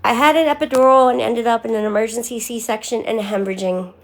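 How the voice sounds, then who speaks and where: A woman's voice: a little high, fairly even intonation, quick pace. A young woman talking candidly on a live stream, answering viewers by name in casual chat.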